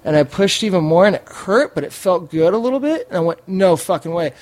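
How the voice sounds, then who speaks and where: Excitable, profane man telling a story. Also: sits high, quick pace, no room sound. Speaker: podcast guest. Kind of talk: casual storytelling.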